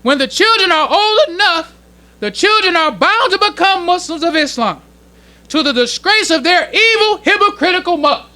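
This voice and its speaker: A male minister teaching a sermon to a congregation in plain, casual speech, slowing down when he reads passages aloud. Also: extremely high pitch, animated, pushed and bright. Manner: preaching in casual street-level speech, slowing to read quoted passages. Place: temple congregation hall.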